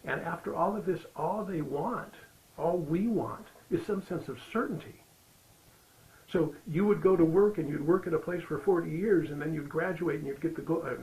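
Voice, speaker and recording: A man's voice: on the high side, vocal fry, low-quality recording. A man giving a Sunday sermon, telling a story in a loose, conversational way with fillers. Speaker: spiritual practitioner giving the Sunday talk.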